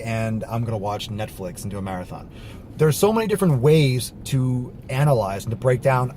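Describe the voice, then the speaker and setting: A man in a moving car talks straight to the camera, blunt and a little profane. His voice sits at an ordinary middle pitch, and he moves between low mutters and lively, emphatic bursts. A faint hum of car noise runs underneath. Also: brisk. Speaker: fitness vlogger. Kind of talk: casual monologue while driving. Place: inside a car.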